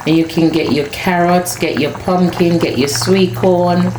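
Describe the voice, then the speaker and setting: Slow, low-voiced woman cooking. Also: steady tone. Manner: chatty, savoring, addresses viewers as guys. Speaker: cooking vlogger. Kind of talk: casual cooking vlog talk to viewers. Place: home kitchen. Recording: echoey kitchen with cooking noise. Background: pot boiling.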